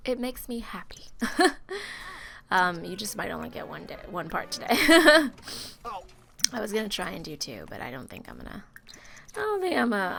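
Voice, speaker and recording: A woman who is feeling sick, giving chatty, expressive gameplay commentary and talking straight to her viewers. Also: mid-range voice, creaky. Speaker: gaming video host.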